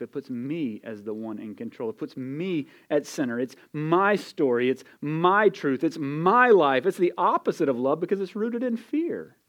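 A man's voice: medium pitch, darkish tone, muffled recording. A man preaching a sermon as pastor, conversational and emphatic, with casual asides to the congregation. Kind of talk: expository sermon.

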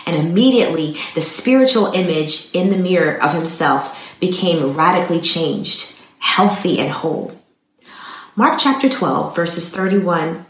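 A woman earnestly telling a devotional story and speaking directly to listeners. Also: lowish voice. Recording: roomy echo.

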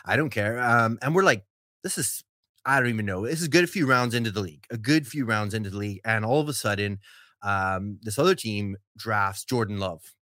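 A man's voice: fairly low pitch, brisk, pushed and bright, no echo, clean studio sound. A man hosting a podcast, telling a long story in a casual, rambling way with many fillers and laughs. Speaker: podcast host.

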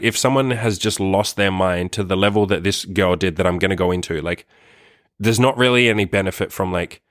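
A man's voice: on the low side, a bit bright, no room sound, clean studio sound. A man vlogging a story in a casual, rambling way, swearing often and filling his talk with "like". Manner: rambling, profane, heavy use of "like".

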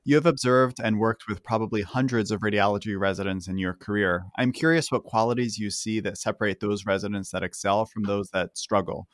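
A man hosting a podcast, reading out prepared interview questions in a measured, formal way. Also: fairly low pitch, fairly even intonation, no room sound, studio quality. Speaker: podcast host.

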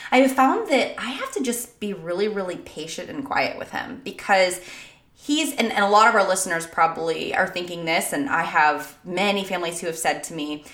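A woman's voice: fairly low pitch, animated, normal speed, fairly bright tone, reverberant. A woman in her thirties co-hosting a podcast from home, chatty and laughing often. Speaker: podcast co-host. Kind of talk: casual chat. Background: dogs barking.

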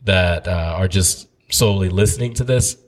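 A man's voice: low-pitched, moderate pace. A young adult man, a pastor co-hosting a podcast in casual chat, upbeat and laughing often, with lots of fillers. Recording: long room reverb.

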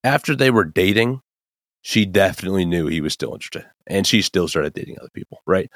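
A man's voice: deep voice, animated, brisk, a bit bright, no room sound, clean studio sound. A young man hosting a podcast, ranting casually about a TV show with lots of fillers and tag questions. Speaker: podcast host. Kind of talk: casual opinion monologue.

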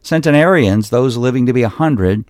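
A man's voice: medium pitch, animated, moderate pace, a little mellow, no room sound, studio quality. A man in his fifties hosting a health podcast, teaching in an earnest way and listing points one by one. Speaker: podcast host, chiropractor. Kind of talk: solo health podcast talk.

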